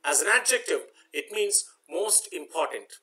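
Male teacher for an exam-prep lesson. Spells words letter by letter, repeats points patiently, voice bright and a little high. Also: animated, normal speed, rough recording. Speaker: English teacher.

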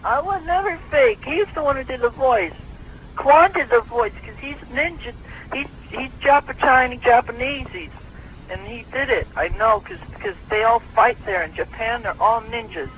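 A man's voice: very high voice, moderate pace, fairly bright tone, slight background noise, rough recording. A man voicing a whiny young male caller on a prank call, indignant and accusing.

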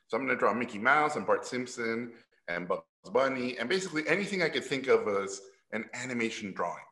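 A middle-aged man from Mexico telling stories at a talk, animated and laughing as he acts out the people he quotes. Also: mid-range voice, brisk. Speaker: guest animator. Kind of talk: casual storytelling at a talk. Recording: roomy echo.

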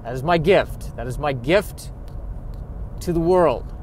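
A man's voice: on the high side, unhurried, darkish tone, slight background noise. A man hosting a podcast, talking casually to himself while driving, rambling and joking at his own expense. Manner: self-deprecating, joking, rambling. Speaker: podcast host. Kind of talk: casual monologue.

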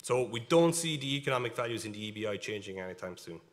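A man's voice: on the low side, expressive, fast talker. A man with an Irish accent giving a conference talk on cattle breeding, emphatic and explaining step by step. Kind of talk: conference presentation with slides. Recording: reverberant hall.

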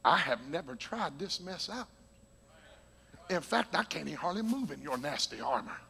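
A male preacher voicing the young shepherd boy David, bold and defiant, in a lowered, hushed voice, heard in an echoey sanctuary. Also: sing-song, normal speed, vocal fry, exaggerated voice.

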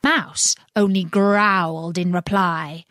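A woman narrating a children's classic as a storybook reading, expressive and deliberate. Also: fairly low pitch, no echo, clean studio sound.

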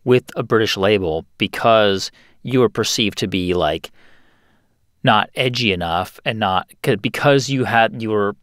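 A man's voice: on the low side, measured pace, a bit bright, no room sound, studio quality. A man hosting an interview, probing and summarizing the guest's story. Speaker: podcast host. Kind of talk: interview conversation.

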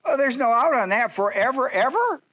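High-voiced joking preacher man. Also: very animated, sharp tone. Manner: folksy, joking preaching with quick asides. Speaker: pastor. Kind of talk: sermon.

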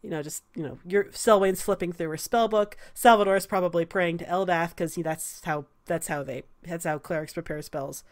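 A woman's voice: lowish voice, moderate pace, hardly any pauses. Chatty woman running a tabletop game. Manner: laughing, loose and chatty with fillers. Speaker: game master.

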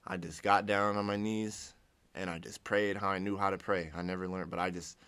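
A man's voice: deep voice, little pitch movement, brisk, a bit bright, clear, resonant tone. A young man from Ohio sharing his personal testimony in a casual, rambling way, restarting sentences and acting out what he once said. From Ohio, United States. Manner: rambling, restarts sentences, acts out his own past words.

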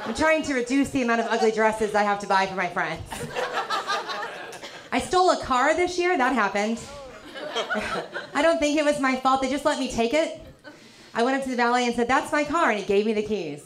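A woman works a comedy club stage, her voice sitting a little high for a woman. She delivers dry, teasing lines into a handheld mic. Loud audience laughter rolls in around her from a lively club crowd. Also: a little fast. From American South. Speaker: stand-up comedian. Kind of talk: stand-up comedy set.

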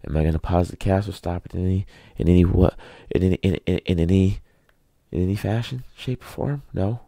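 Very deep gravelly man ranting. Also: steady tone, fast, warm tone, dry recording. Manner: sarcastic, asks himself questions and answers them. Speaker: podcast host. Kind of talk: casual ranting monologue.

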